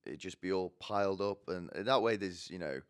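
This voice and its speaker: A young man rambles through comic anecdotes, swearing freely and slipping into the voices of people in his stories. His voice sits very low in pitch, with a smooth, resonant tone. He speaks in a loose, casual monologue style. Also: normal speed. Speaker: podcast host.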